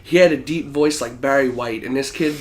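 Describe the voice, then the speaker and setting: A man's voice: medium pitch, fairly quick, slight background noise. A young man co-hosting a podcast, telling a story in a laid-back, profane way and laughing as he goes. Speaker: podcast co-host. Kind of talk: casual storytelling.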